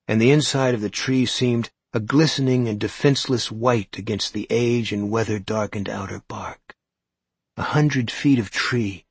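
A man narrating a story in the first person, in an even, measured storytelling manner. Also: mid-range voice, vocal fry, husky, no room sound. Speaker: audiobook narrator.

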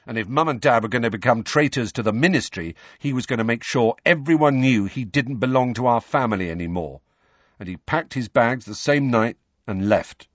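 Male narrator voices an agitated teen boy who rambles; slightly raised pitch, dry recording. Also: normal speed, dry recording, lo-fi sound, natural voice. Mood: upset. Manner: agitated, rambling, trails off low. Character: upset teenage boy, quick-talking.

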